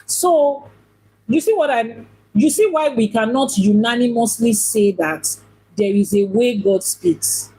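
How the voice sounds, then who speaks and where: A woman with a somewhat high, husky voice gives a teaching talk on faith. She works through rhetorical questions and repeats her points for emphasis. Her tone turns playful when she mimics how other people talk. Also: measured pace, warm tone, low-quality recording. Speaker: Ifá priestess and teacher.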